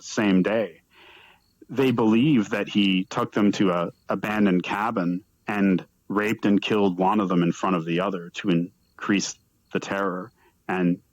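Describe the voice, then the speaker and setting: Male lecturer, low voice, dry sound, lively storytelling that acts out quotes. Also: dry recording, rough recording. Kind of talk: live lecture. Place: virtual reality event.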